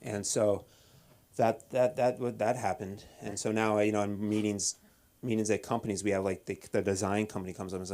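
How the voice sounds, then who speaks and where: A man doing a deadpan stand-up set at an open mic, halting with many restarts and fillers. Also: fairly low pitch. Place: comedy club stage.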